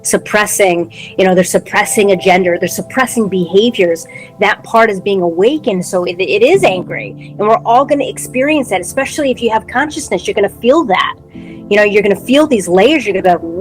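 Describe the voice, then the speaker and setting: A woman's voice: medium pitch, expressive, fairly quick, soft background music, rough recording. A woman co-hosting a podcast, talking through spiritual ideas in a reflective, word-searching way. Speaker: podcast co-host. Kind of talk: casual spiritual conversation.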